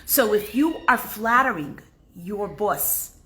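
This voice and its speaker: Woman teacher, soothing and deliberate, bright clear voice, very unhurried. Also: mid-range voice, animated. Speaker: Torah class teacher. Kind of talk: guided meditation and religious lesson.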